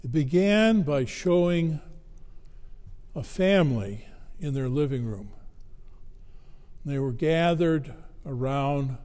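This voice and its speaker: Male preacher, unhurried and deliberate, recorded in an echoing church. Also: fairly high pitch, animated, dark tone. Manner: slow, measured storytelling with dramatic pauses. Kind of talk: sermon. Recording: long hall reverb.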